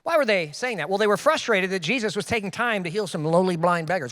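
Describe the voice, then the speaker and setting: A man preaching a sermon as a pastor, with sudden loud emphases and self-deprecating asides. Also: sits high, animated, quick pace, few pauses, long reverb tail.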